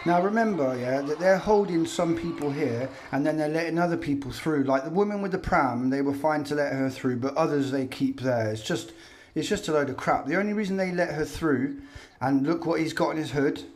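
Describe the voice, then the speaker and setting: A man's voice: a little high, brisk, a little mellow. A man giving sarcastic, mocking commentary over video footage.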